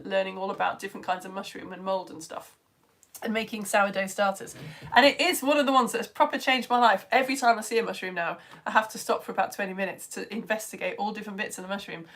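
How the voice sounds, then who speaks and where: A woman's voice: medium pitch, fast, a bit bright. A woman teaching online, chatting through viewers' comments on a live stream in a bubbly way, with whispered asides and a slightly strained throat.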